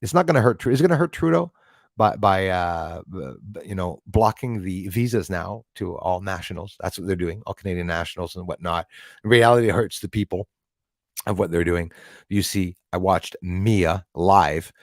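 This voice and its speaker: A man's voice: low voice, moderate pace, dry recording, clean studio sound. A man hosting a casual live stream, rambling as he reads out and thanks viewers in the chat. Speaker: livestream host.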